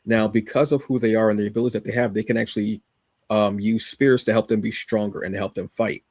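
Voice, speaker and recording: A man's voice: lowish voice, little pitch movement, fast talker, darkish tone, breathy edge, no echo, studio quality. A man co-hosting a podcast, casually reviewing a comic with rambling enthusiasm, many fillers and restarts.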